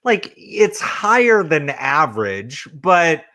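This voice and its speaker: A man chatting casually as a podcast panelist, musing in a drawn-out, halting way. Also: on the high side, very animated, sharp tone. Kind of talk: casual chat.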